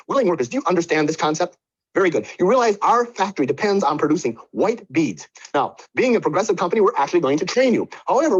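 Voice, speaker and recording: A man's voice: a little high, husky, pitched above the performer's own voice. A man voicing a pompous factory manager who lectures his workers in a condescending, over-explaining way, on muffled lo-fi audio.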